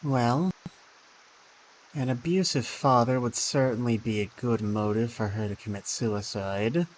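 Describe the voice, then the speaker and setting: A man's voice: mid-range voice, measured pace, slight background noise, poor audio. A man streaming a game, thinking aloud with dry asides and reading the game text.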